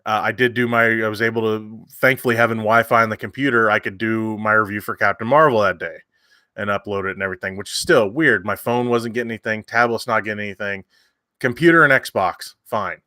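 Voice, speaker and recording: A man's voice: lowish voice, steady tone, a little fast, sharp tone, no echo, studio quality. A man, hosting a livestream and telling a long story in casual chat with many fillers and restarts. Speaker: livestream host.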